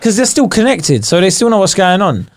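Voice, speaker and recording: Man, high voice, jokey co-host chat. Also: fairly quick, music in the background. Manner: animated, jokey, acts out scenes. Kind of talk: casual chat.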